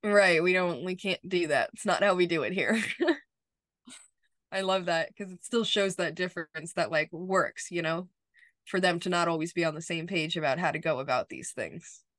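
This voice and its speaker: A woman's voice: fairly low pitch, moderate pace, a bit bright, no echo, studio quality. A woman co-hosting a podcast, recapping an episode in a casual chat as an enthusiastic fan, talking in loose run-on phrases. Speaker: podcast co-host.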